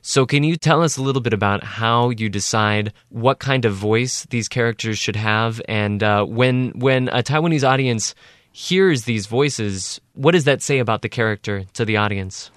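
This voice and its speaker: A man's voice: mid-range voice, normal speed, fairly bright tone, dry recording, studio quality. A man interviewing a guest, asking thoughtful and curious questions.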